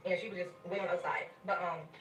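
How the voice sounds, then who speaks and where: Fast-talking woman telling a story. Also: fairly low pitch, soft background music. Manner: animated, conversational, addresses listeners directly. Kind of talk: casual storytime narration. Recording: roomy, distant sound.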